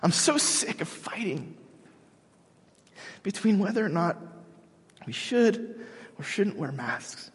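A man preaching a sermon as pastor, animated and emphatic, often restarting his sentences. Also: high-pitched, slow pace, pauses often, breathy edge, in a large hall.

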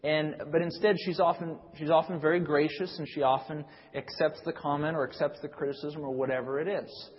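A man's voice: a little high, fairly even intonation, fairly quick, hardly any pauses. Man preaching in a reverberant hall. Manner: conversational preaching with frequent restarts, rising when reading scripture. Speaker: pastor. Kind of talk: sermon. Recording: dull sound with long reverb in a hall.

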